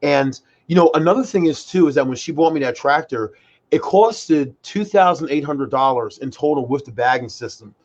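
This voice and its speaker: A man's voice: a little high, normal speed, lo-fi sound. A young man in his twenties, co-hosting and telling rambling stories in casual chat, full of fillers. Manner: excitable storyteller, many fillers like "like" and "freaking". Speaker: podcast co-host.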